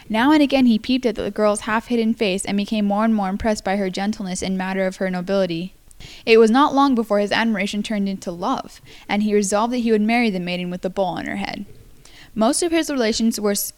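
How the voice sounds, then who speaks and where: A young woman reading a folktale aloud in a casual way, often stumbling over words and apologizing. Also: mid-range voice. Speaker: amateur story reader.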